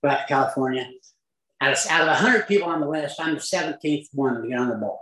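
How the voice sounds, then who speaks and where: A man from Utah telling a humorous personal story as a speaker at a recovery meeting, with lively asides and chuckles. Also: a little high, fast talker, roomy sound, a little hiss or hum, rough recording.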